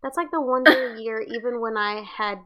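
A woman's voice: on the high side, moderate pace, sharp tone. A woman co-hosting a podcast, talking in a chatty, loose and candid way. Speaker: podcast co-host. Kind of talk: casual chat.

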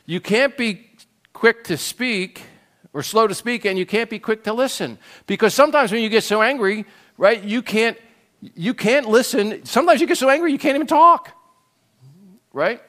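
Older male pastor, lively animated sermon delivery, fairly high voice. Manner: animated storytelling, keeps asking "right?".

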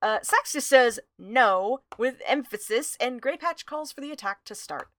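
A woman's voice: high-pitched, a little slow, dry recording. Woman podcast co-host, dry close sound, easygoing plot recap with lots of "uh". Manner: relaxed recapping, frequent "uh". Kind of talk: casual book discussion and plot recap.

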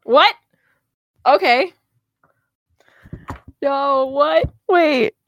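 Woman, tabletop player, excitable, giggly, dry close mic. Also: high voice, drawn-out words, no room sound, dull audio. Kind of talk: casual tabletop game chat.

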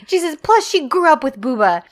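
A woman chatting casually as a co-host, retelling scenes with lots of laughter and acting out the lines. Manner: animated, laughs often, acts out quoted lines in lower voice. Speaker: podcast co-host recapping a drama series.

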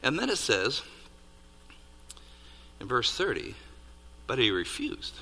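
A man preaching a sermon, building to loud peaks on key points and dropping to hushed asides. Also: mid-range voice, slow, pauses often. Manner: animated, rising to near-shouts on emphasis, dropping to hushed asides. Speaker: pastor. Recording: reverberant hall.

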